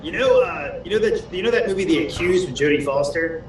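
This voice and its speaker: Pria kasar yang suka bercanda, suara bergema dari jauh. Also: male voice, sits high, fairly quick, echoey room, distant mic, slight background noise. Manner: crude, joking, lively. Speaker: livestream co-host. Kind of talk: casual livestream chat.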